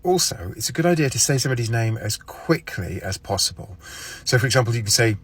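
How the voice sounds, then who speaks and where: A man giving a deadpan, mock-serious lesson and acting out his example phrases with odd intonation. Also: medium pitch, fast, breathy edge. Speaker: comedic explainer. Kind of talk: deadpan mock-instructional monologue.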